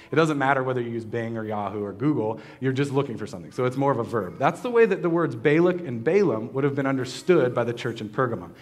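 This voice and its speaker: A man giving a sermon as pastor, in a casual, conversational way with many fillers and restarts, asking the congregation questions. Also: mid-range voice.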